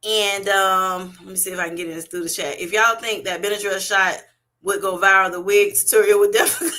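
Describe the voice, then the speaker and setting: Bright-voiced woman hosting a laughing live chat. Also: medium pitch, a little fast. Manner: animated, laughing often, reading chat comments aloud. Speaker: livestream host. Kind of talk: casual livestream chat. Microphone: webcam or streaming setup.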